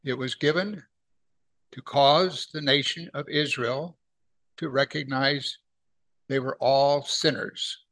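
Speaking steadily in a mid-range, slightly bright voice, a middle-aged man walks his listeners through the Bible verse by verse. He keeps a conversational tone, asks rhetorical questions, and slows his pace when reading scripture.

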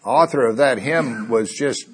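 A man's voice: medium pitch, a little slow. A middle-aged man from Missouri, a pastor teaching a Bible study, reading verses aloud with rising emphasis and asking the room questions. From Missouri, USA.

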